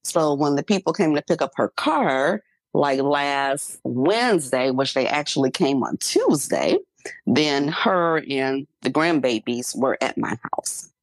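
A woman's voice: very deep voice, expressive, a little slow, no room sound. A middle-aged woman co-hosting a podcast, telling a personal story in casual chat with fillers and laughs. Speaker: podcast co-host.

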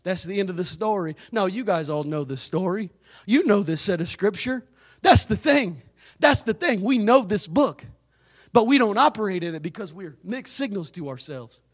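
A pastor with an unusually high voice for a man, preaching a sermon. He exhorts his listeners emphatically and breaks into dramatic, fervent bursts. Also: expressive, normal speed.

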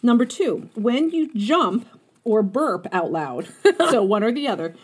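A woman co-hosting a podcast in easy, casual chat. Her voice sits a little high and swings widely in pitch. She giggles often while reading aloud. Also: very animated, measured pace, breathy edge. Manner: giggly, reads aloud with frequent laughter. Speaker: podcast co-host.

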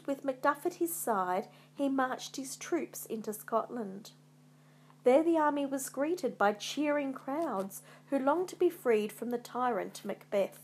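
A woman narrates a classic tale slowly and deliberately, taking her time over each sentence. Her voice sits a little high for a woman. She reads in a calm, measured storybook manner. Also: breathy edge. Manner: measured, unhurried storybook reading.

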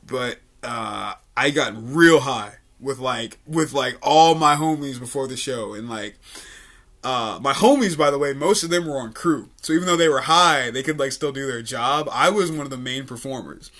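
Young guy from richmond va hosting a podcast, bright voice, chill and swearing a lot, says like every other word. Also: mid-range voice, moderate pace. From Richmond, Virginia. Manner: laid-back, swearing, lots of likes and uhs, laughs often. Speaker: podcast host, comedian. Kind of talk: casual storytelling chat. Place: studio.

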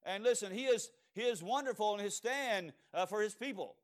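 A man's voice: sits high, fairly quick. A man with a Cajun accent preaching a sermon, telling homespun stories and asking the congregation rhetorical questions, with frequent fillers and restarts. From Louisiana.

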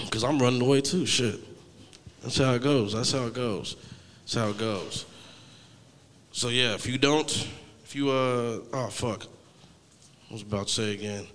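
Late-twenties male stand-up comic, sharp bright tone, loose and profane, slightly high, on a reverberant stage. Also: smooth. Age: 20s. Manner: laid-back, rambling, heavily profane. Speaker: stand-up comedian. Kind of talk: stand-up comedy set.

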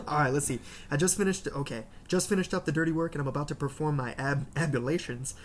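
A man with a slightly high voice co-hosts a podcast, reading out an embarrassing story and riffing on it between laughs. He talks in a loose, animated, jokey way. Faint background noise sits under the recording. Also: brisk. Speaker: podcast co-host reading stories. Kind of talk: casual chat and story reading.

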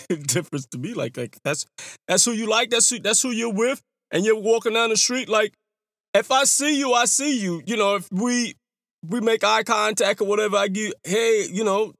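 A man from New York talking casually in a long monologue. He rambles, restarts his sentences often and throws out rhetorical questions in a sing-song, animated way. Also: high voice, no echo. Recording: hip hop music playing behind.

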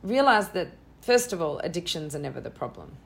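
A middle-aged woman talking as an interview guest about spiritual practice, earnest and soft-spoken, slowing down to stress her points. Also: on the low side, big pitch swings, vocal fry. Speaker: interview guest, tantra teacher. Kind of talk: casual spiritual conversation. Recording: faint background noise.

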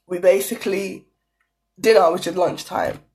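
Excitable chatty woman podcast host. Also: on the low side, moderate pace, noisy background. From Nigeria. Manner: excitable, chatty, storytelling with laughs. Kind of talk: casual chat. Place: small home office in a flat hallway.

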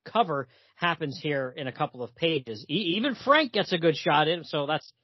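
A chatty man, slightly high and husky, retelling a comic in loose podcast talk. The sound is dry and dull. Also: lively intonation, normal speed, dry recording. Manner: chatty retelling full of fillers, reads lines aloud. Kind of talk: casual chat.

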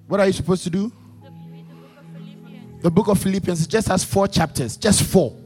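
A high-pitched male preacher delivering a sermon in a church, his voice trailing off into a long hall reverb. He drives points home by repeating lines and asking the congregation for answers, with soft music underneath. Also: moderate pace. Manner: emphatic, repetitive call-and-response preaching. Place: church service.

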